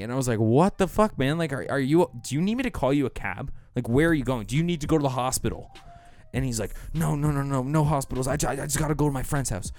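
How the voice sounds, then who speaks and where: A man's voice: medium pitch, fast talker, a little mellow. A man co-hosting a podcast, telling stories in casual chat, swearing often and laughing as he acts out what people said. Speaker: podcast co-host.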